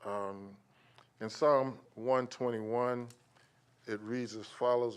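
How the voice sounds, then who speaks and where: A man's voice: medium pitch, steady tone, takes it slowly, clear, resonant tone. A man, giving a preacherly invocation at a county meeting, rhythmic and rising on key words. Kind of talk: spoken invocation and prayer. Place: county commission meeting chamber.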